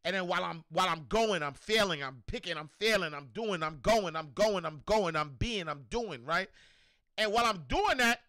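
Male host, high and tense voice, animated and slangy, dry close-miked sound. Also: moderate pace, no room sound. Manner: animated, repetitive, slangy, shouts out viewers. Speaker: show host. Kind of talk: motivational livestream talk.

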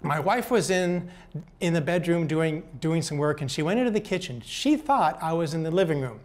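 Older man telling folksy, gentle stories. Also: a little high, expressive, moderate pace. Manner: gentle, folksy, repeats words. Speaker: speaker. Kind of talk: motivational storytelling talk.

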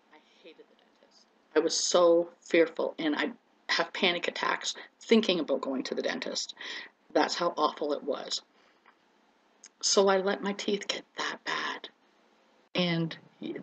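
Slow, gravelly middle-aged woman. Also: deep voice, low-quality recording. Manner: earnest, speaks directly to viewers as friends. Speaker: vlogger. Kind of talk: personal testimonial vlog.

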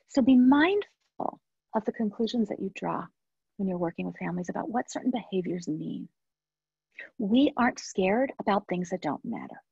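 Woman, breathy voice, dry close sound, earnest storyteller who repeats phrases, webinar speaker. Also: mid-range voice, dry recording, muffled recording. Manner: earnest storytelling, with repetitions and soft trailing asides. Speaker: webinar speaker and NICU parent. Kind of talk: personal story within a professional talk.

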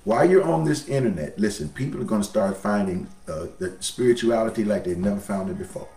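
A man's voice: fairly low pitch, animated, fairly quick, dark tone, roomy sound, recorded from a distance. A man preaching a sermon as pastor, folksy, his voice swelling up and dropping down.

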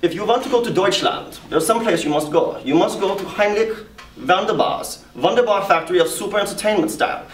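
A man's voice: high-pitched, brisk, slight background noise, voice pushed up, natural voice. A man putting on an exaggerated German accent, playing a boastful German showman. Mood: gushing. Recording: echoey room from far off.

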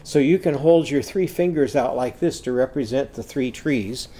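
A man's voice: medium pitch, normal speed, dark tone. A man teaching a phonics lesson, chanting letter sounds in a sing-song way and explaining the activities.

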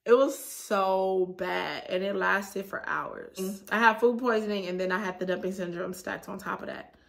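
A woman, chatting casually in a vlog with a sore throat, animated and laughing often. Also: medium pitch, brisk, vocal fry. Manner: animated, laughs often, acts out her own reactions. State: sore throat after a cold. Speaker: vlogger.

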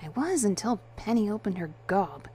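A woman's voice: mid-range voice, very animated, normal speed, warm tone, slight background noise. Woman reading as a nervous young man. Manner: nervous and defensive.

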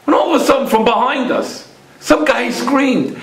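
A man's voice: very high voice, expressive, moderate pace, reverberant, rough recording. A man in his fifties telling a personal story as a religious lesson, acting out the voices of the people in it. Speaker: religious teacher.

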